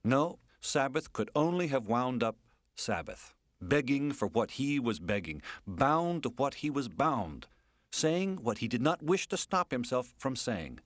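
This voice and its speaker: A man reading a literary novel aloud as an audiobook narrator, rhythmic and incantatory, with dramatic swings between loud lines and near-whispers. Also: medium pitch, very animated, measured pace, no echo, studio quality.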